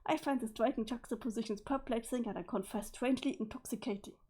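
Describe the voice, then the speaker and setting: A woman's voice: fairly high pitch, fast talker, mellow, slightly rough. A woman voicing a stiff, sweaty, formal male alien troll, in a pompous and stilted manner.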